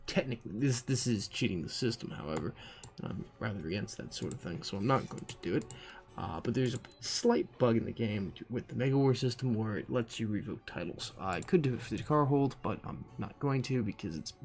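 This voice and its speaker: A man's voice: mid-range voice, gravelly, darkish tone. A man giving casual, profane commentary while playing a strategy game, thinking aloud with dry asides. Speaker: gaming commentator. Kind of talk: casual let's-play commentary.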